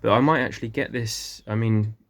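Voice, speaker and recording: Rambling man with low voice. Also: fairly even intonation, a little fast. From England. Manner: rambling, many ums, self-correcting. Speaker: gardening vlogger. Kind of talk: casual walk-through tour. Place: small greenhouse.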